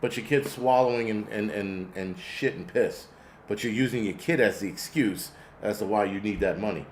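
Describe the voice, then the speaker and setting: A man's voice: lowish voice, normal speed, slight background noise. Blunt, profane male ranter. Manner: sarcastic, exasperated. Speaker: host. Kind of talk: ranting commentary reading chat.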